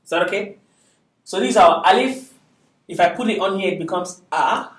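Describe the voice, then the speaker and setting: A man's voice: high-pitched, normal speed, a bit bright, echoey room, distant mic. A man teaching a beginners' Arabic class, patiently drilling syllables aloud and constantly checking that his students are following. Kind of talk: classroom lesson.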